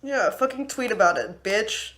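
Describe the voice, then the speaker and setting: A woman's voice: fairly high pitch, expressive, normal speed, a bit bright. Furious young woman ranting on a livestream. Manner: angry, profane, venting. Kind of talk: unscripted livestream rant.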